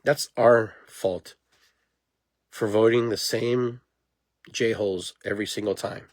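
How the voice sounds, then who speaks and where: A man hosting a podcast in a casual monologue, talking in an animated, rambling way and laughing at himself. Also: fairly low pitch, takes it slowly, no room sound. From immigrant to the United States. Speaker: podcast host.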